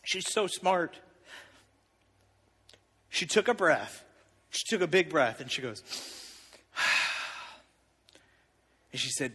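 A man in his thirties telling a personal story in a sermon, animated and confessional, with big swings in volume. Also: fairly high pitch, drawn-out words, pauses often, husky, in a large hall.

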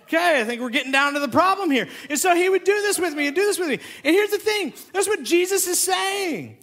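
A man who is a pastor, preaching a sermon and acting out both sides of a conversation in an animated storytelling way. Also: extremely high pitch, brisk.

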